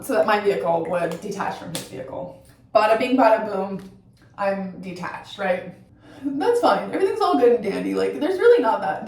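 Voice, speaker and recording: A woman from Colorado telling a story in a chatty, profane way while doing her makeup at home, often ending sentences with "right?". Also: mid-range voice. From Colorado, USA. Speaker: vlogger. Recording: very echoey room, voice from far off.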